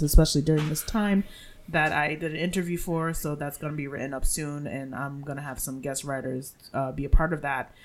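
A podcast co-host chatting casually, relaxed and candid, laughing easily. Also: mid-range voice. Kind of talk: casual chat.

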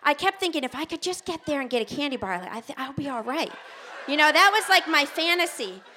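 An American woman telling a personal story on a theater stage, animated and self-mocking, acting out what people said. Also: high voice, fairly quick, a little hiss or hum. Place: theater stage before an audience.

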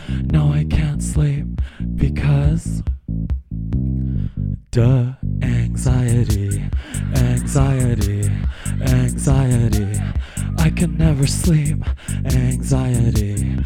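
A man playing a breathy, anxious, sleepless pop singer in a comic song, delivered as whispered role-play, with murmured, repetitive sing-song lines. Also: on the high side. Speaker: comic musician. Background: loud guitar.

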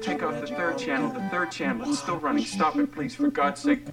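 A man's voice: high voice, sing-song, brisk, gravelly, soft background music, pitched above the performer's own voice, exaggerated voice. A man doing a frantic, pleading panicked man. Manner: frantic, desperate shouting pleas.

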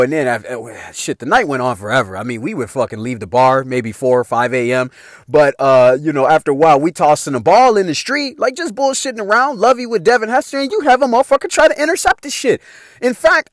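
An animated man recounts a wild night in a loose, profanity-laced storytelling style, laughing as he goes. His voice sits a bit high for a man and swings widely in pitch. The sound is dry and close, with no room echo. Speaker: vlogger telling a personal story. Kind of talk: casual storytelling.

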